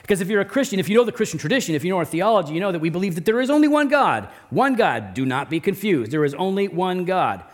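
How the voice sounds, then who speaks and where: A man preaching a sermon, emphatic and repetitive, often dropping his voice low and slow to stress a point. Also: big pitch swings. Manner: emphatic, repeats key phrases, drops low and slow for stress. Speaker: pastor.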